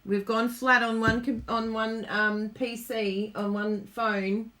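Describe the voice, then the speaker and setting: A woman's voice: fairly high pitch, level tone, takes it slowly, fairly bright tone. An Australian woman hosting a live card-making demo, chatty and giggly, talking to viewers as she works. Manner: chatty, giggly, reads viewer comments aloud. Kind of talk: live-streamed crafting demo.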